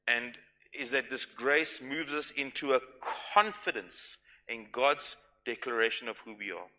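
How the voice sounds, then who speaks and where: A middle-aged male pastor preaching a sermon emphatically, dropping to soft, intimate tones at times. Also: medium pitch.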